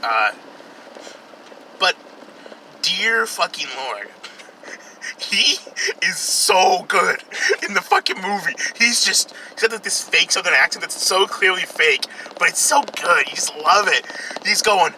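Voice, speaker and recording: A man's voice: on the high side, expressive, unhurried, sharp tone, a little hiss or hum, poor audio. Profane, rambling young man reviewing a movie. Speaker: film reviewer. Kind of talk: casual film review while driving. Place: in a car, outdoors traffic.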